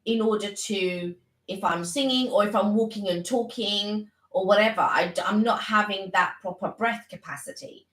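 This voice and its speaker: A woman's voice: medium pitch, fairly bright tone, reverberant, poor audio. A woman co-hosting a casual live stream, talking earnestly and rambling with many restarts.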